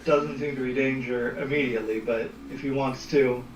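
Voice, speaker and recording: A man's voice: medium pitch, steady tone, moderate pace, background noise. A man playing a tabletop game, chatting casually and hesitantly, recorded at a distance in an echoey room. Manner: hesitant, many restarts. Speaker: player.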